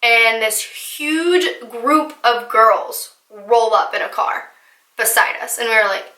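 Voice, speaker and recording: Bright-voiced young woman vlogger. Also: on the high side, slow. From New Jersey, US. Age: young adult. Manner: chatty, animated storytelling with many fillers. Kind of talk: casual storytime. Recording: echoey room.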